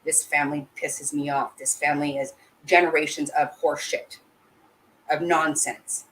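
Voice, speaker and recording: A woman with a low voice gives live commentary to her chat. She talks bluntly and emotionally, swears freely and keeps breaking off and restarting her sentences. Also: little pitch movement, moderate pace, a bit bright, a little hiss or hum, poor audio. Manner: blunt and heated, with frequent swearing. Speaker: channel host.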